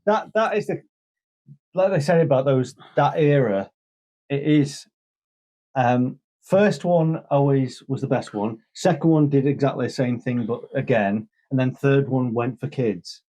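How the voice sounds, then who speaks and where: A man's voice: medium pitch, measured pace, mellow. A man co-hosting a casual podcast, teasing and arguing back in friendly banter. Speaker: podcast co-host. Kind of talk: casual chat.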